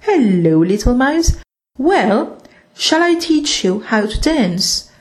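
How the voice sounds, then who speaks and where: A woman voicing a friendly, chatty male parrot in a storybook, bright and talkative. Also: fairly high pitch, big pitch swings, slow pace, pitched above the performer's own voice.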